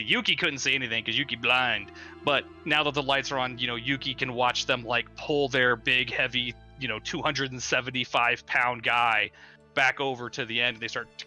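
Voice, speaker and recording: A man's voice: mid-range voice, bright, forceful tone. A man narrating as game master of a tabletop game in a casual, filler-heavy way.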